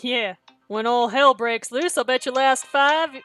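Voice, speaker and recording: A woman voicing a blunt, mocking young male fighter in a put-on, rough Southern US accent. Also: sits high, a little slow, fairly bright tone, faint music behind. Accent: put-on bad Southern US accent.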